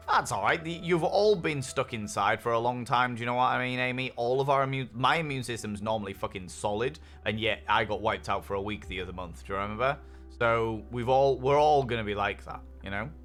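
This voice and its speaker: This man has a medium-pitched, slightly bright voice. He streams a game and casually talks with his audience while reading their messages, cheerful and swearing liberally, with faint lo-fi music behind him.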